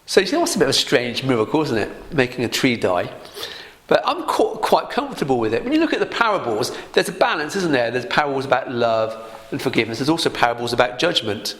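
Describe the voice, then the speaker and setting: A man's voice: mid-range voice, big pitch swings, fast, fairly bright tone. A man giving a casual Bible teaching in a conversational way, often laughing lightly and asking rhetorical questions.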